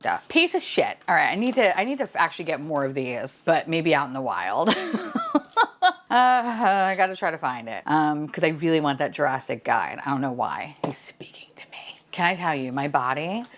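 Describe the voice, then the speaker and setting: A young woman vlogging an unboxing in casual chat, excitable, laughing and swearing freely at what she finds. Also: low voice, normal speed.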